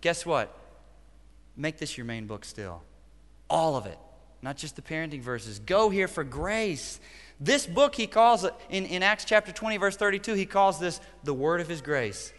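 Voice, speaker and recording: A pastor in his forties delivers an impassioned sermon, his voice surging loud and then dropping to a hush. The tone is bright and forceful, and it rings out with a long reverb from a large hall. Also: on the high side, animated, normal speed. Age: 40s. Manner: impassioned, swings from loud to hushed.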